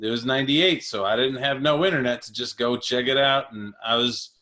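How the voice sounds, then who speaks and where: A man in his thirties co-hosts a podcast in a brisk, bright, forceful medium-pitched voice. The casual chat is animated, full of laughter and filler words.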